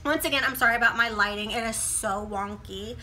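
A woman's voice: fairly high pitch, a little fast, pushed and bright. A young woman vlogging a casual product review at home, chatty and sassy, calling viewers honey and girl and talking like a motor mouth. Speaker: beauty vlogger. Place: home room with poor lighting.

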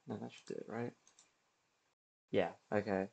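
Laid-back male streamer, unhurried delivery, chatty, quick to laugh. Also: on the low side, vocal fry. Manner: relaxed, chatty, laughs often. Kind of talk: casual gameplay commentary.

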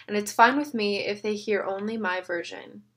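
A woman reading an audiobook and voicing a man who explains things calmly and sneers at his rivals. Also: medium pitch, normal speed, close to an everyday voice. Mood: sneering. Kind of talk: audiobook character voice.

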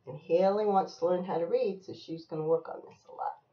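A woman reading a picture book aloud to a young child, slow and sing-song, with coaxing questions. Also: on the low side, roomy sound. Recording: dull lo-fi home recording.

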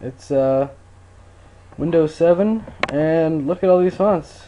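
A man's voice: fairly high pitch, slow pace, warm tone, a little hiss or hum. A man casually talking through a computer tutorial, rambling a little with fillers. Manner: laid-back, rambling with fillers. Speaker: tutorial maker. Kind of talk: casual screen-recorded tutorial.

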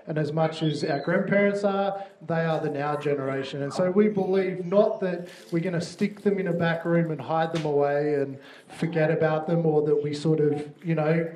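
A man's voice: a little high, a little mellow. A man serving as children's minister, speaking upbeat to parents and kids in church and often checking in with "yeah?". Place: church hall. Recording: roomy hall with faint noise.

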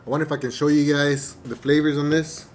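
A mukbang vlogger, a man with a slightly high voice, gives a casual eating review to camera, relaxed and hesitant, with lots of fillers and pauses to chew. The camera mic sits at table distance, a little away from him, and picks up a bit of hiss or hum.

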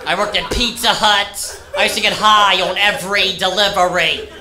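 A man in his thirties doing a stand-up comedy set, foul-mouthed and ranting, often rising to shouts. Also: high-pitched, fairly even intonation, moderate pace, crowd noise. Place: comedy club stage. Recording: echoey club with loud audience. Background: audience laughter.

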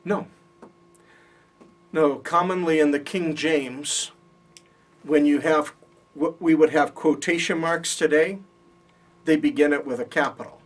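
This is a classroom lecture at a Bible college, recorded from a distance. The man speaks a little slowly in a fairly high voice, pausing often while he patiently explains and checks in with his students.

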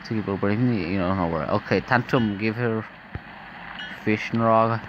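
A man's voice: on the low side, moderate pace, highs cut off, background noise. A young man commenting casually on a game, hesitant and full of ums. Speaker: gameplay commentator. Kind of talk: let's play commentary.

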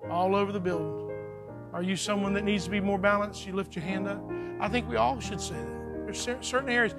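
A man's voice: high voice, fairly quick. A man preaching a sermon to his congregation in a folksy, conversational way, acting out little quotes. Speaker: pastor. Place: church sanctuary. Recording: faint music behind, church live stream.

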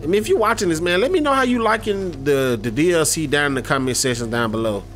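A man's voice: fairly high pitch, expressive, quick pace, a bit bright, faint music behind. A man casually commentating his gameplay, rambling and speaking straight to his viewers. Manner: rambling, many fillers and restarts, addresses viewers directly. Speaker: gaming YouTuber.

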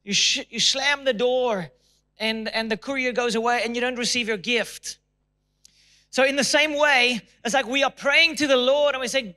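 High-voiced male preacher. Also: measured pace, pushed and bright. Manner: emphatic preaching, acts out prayers in a raised, pleading voice. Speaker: pastor. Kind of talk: sermon. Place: church auditorium.

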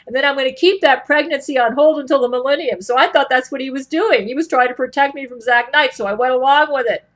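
A woman's voice: sits high, fast talker. A woman in a personal vlog monologue, talking earnestly and meandering, often restarting her sentences. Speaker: vlogger. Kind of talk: rambling personal monologue to camera.

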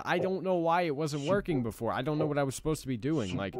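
A man's voice: on the high side, fast, few pauses, a little mellow. A young man giving let's play commentary as he plays, frustrated, swearing and repeating himself. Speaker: gaming channel host.

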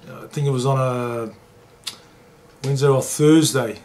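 A man, a former rugby league player telling an emotional story in an interview and getting lively when he quotes others. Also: mid-range voice, moderate pace. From New Zealand.

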